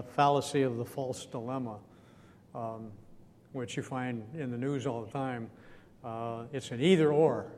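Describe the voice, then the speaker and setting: A man giving a conversational sermon, chatty and chuckling, often asking his listeners questions. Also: darkish tone. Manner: chatty, asks the audience questions, chuckles now and then. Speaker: preacher. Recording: echoey hall with faint rumble.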